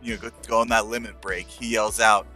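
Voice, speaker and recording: Laid-back bright-voiced male player. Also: lowish voice, level tone, a little fast, faint music behind. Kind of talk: casual tabletop play.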